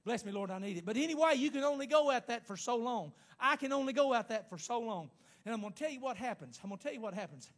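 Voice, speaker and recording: A man preaching a sermon, emphatic and repetitive, rising to shouts at times. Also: very high-pitched, animated. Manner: pauses to speak in tongues.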